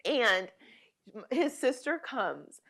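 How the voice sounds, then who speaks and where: A woman guest on a talk show, telling her own story in a heartfelt, vivid way that swings between soft and loud. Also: mid-range voice. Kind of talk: personal storytelling in a conversation.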